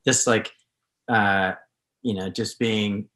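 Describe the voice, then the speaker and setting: A man's voice: lowish voice, fairly even intonation, slow pace, a bit bright. A man hosting a casual interview who often trails off and restarts his sentences as he searches for the words. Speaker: podcast host. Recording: echoey room.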